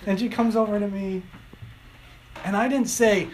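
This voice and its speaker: A middle-aged man preaching a sermon, telling stories and acting out quotes with lively shifts. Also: high-pitched, moderate pace, pauses often, a little hiss or hum, rough recording. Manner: animated storytelling, acting out quotes.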